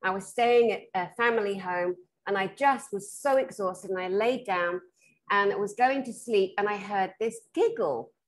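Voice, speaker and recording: A British woman, a spiritual therapist, telling stories in a frank, lively, casual chat. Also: mid-range voice, normal speed. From Britain. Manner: animated storyteller who acts out the people she quotes; frank and blunt, laughs through her stories.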